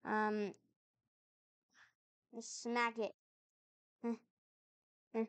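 High-voiced woman narrating her gameplay. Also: little pitch movement, drawn-out words, fairly bright tone, clear, resonant tone, dry recording. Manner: chatty, puzzled, talks back to the game. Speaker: gamer. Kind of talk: let's-play commentary.

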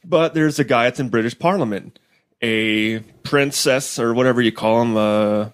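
A man's voice: medium pitch, moderate pace, clean tone, dry recording, clean studio sound. A man co-hosting a casual podcast, telling a story in a rambling way with stumbles and fillers.

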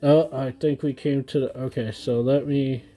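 A man in his thirties chatting casually to viewers at home as he opens trading card packs, excitable and gushing over each card. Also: medium pitch, normal speed. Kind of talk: casual unboxing chat.

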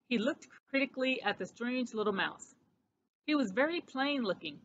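A woman reading a storybook aloud to children, expressive, with small slips. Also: a little high, moderate pace, a little hiss or hum. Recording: dull lo-fi recording.

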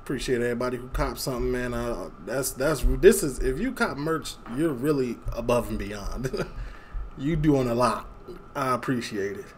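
A man's voice: mid-range voice, moderate pace, a little hiss or hum. A young man from Chicago hosting a casual reaction video, chatting, laughing often and reading memes aloud. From Chicago, USA.

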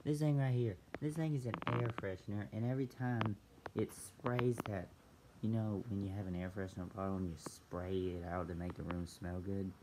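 A man vlogging casually from a dark bedroom at night, jittery and nervous, often stopping and restarting. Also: fairly low pitch, fairly even intonation, normal speed. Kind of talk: casual vlog talk to camera. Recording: loud background noise.

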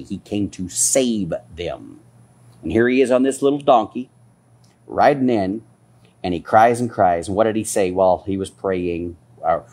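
A man preaching a fiery, scolding sermon as a pastor, his voice climbing higher as his intensity builds. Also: warm tone, breathy edge.

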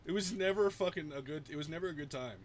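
A man's voice: on the high side, quick pace, a little hiss or hum. A man chatting casually while streaming a game, laid-back, swearing often and laughing a lot. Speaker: gaming streamer. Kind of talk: casual chat while gaming.

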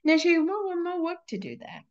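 A woman who hosts and writes books, talking in a lively, animated way and laughing often as she acts out her own thoughts. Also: very high-pitched, a little fast, muffled recording. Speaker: author and show host. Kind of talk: conversational interview.

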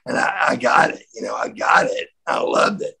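A middle-aged man from the United States, a former wrestler telling animated stories as an interview guest, repeating words as he acts out quotes. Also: medium pitch, normal speed, creaky, breathy edge, raised voice, low-quality recording. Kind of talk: storytelling in a shoot interview.

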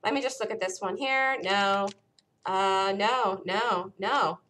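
A woman hosting a live day-trading room, calling out entries and stops in an urgent, rapid-fire way, her voice worn and close to giving out. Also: medium pitch, a bit bright, slight background noise. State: losing her voice. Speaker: day-trading show host.

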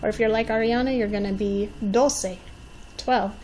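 A woman in her forties, a teacher giving a patient Spanish lesson for young children, modeling words slowly and encouraging them to repeat. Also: medium pitch, steady tone, darkish tone, a little hiss or hum, poor audio. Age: 40s. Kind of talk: slow, clearly enunciated language lesson.

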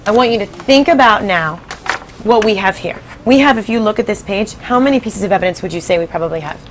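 A woman teaching fifth graders in a classroom, giving clear directions and prompting students for answers. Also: medium pitch, quick pace, background noise. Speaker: 5th grade writing teacher. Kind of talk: classroom teaching and read-aloud.

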